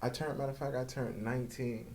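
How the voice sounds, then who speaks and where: A man's voice: medium pitch, quick pace, slight background noise. A young man telling his life story as a guest in a casual interview, acting out quoted voices and swearing freely. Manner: animated, acts out quoted voices, profane street slang.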